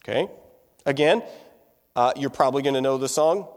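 A man's voice: medium pitch, moderate pace, darkish tone, big-room sound. A man teaching music to a room full of people, talking casually and asking them questions. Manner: conversational, asks the room questions. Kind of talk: classroom lecture.

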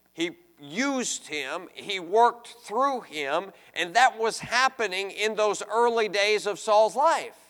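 A man preaching a sermon, reading scripture and acting out pleading voices with animated emphasis. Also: sits high. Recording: long hall reverb.

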